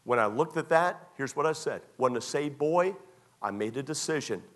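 A man preaching a sermon as pastor, emphatic and repetitive, often dropping to a quiet tone. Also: mid-range voice, lively intonation, moderate pace.

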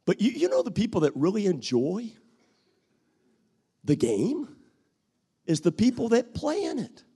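A man preaching a sermon as pastor, acting out what people say and rising to shouts at his peaks. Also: high voice, wildly swooping pitch, a little slow, slightly rough.

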